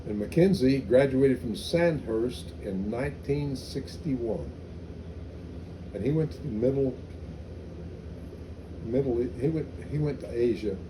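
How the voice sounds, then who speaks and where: A man's voice: medium pitch, animated, a little slow, pauses often, noisy background. An older man, a veteran, recalling his army days in an oral history interview, telling anecdotes with many restarts. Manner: rambling anecdotal storytelling with restarts.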